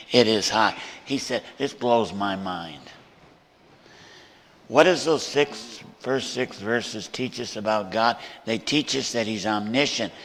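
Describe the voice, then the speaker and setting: A man preaching a sermon as a guest pastor in a church, moving between hushed storytelling and loud, emphatic preaching. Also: lowish voice, in a large hall. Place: church sanctuary.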